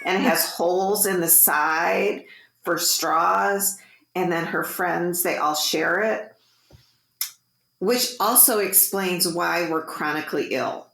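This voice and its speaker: A woman in her forties, co-hosting a podcast, telling stories in casual, animated chat. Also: fairly low pitch, takes it slowly, creaky, echoey room. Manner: chatty, animated storyteller. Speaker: podcast co-host.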